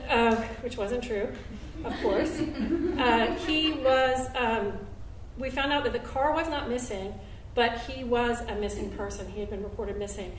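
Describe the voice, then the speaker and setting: A woman telling a story on stage at a live show, acting out what people said with big jumps in pitch and loudness. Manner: animated, acts out quotes with big jumps in pitch and volume. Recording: roomy live venue, recorded from a distance.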